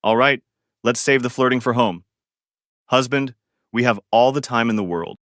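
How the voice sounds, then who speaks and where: A man's voice: mid-range voice, normal speed, a bit bright, no echo, clean studio sound, natural voice. A man voicing a confident young bride who teases her new husband in a storybook reading. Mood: teasing. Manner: teasing, confident.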